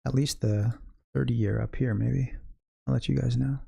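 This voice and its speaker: A gravelly, mellow, slightly rough mid-range voice carries this man's live day trading stream at a steady tone and normal speed. As an educator and host, he thinks out loud in loose, chatty phrasing and speaks directly to chat viewers.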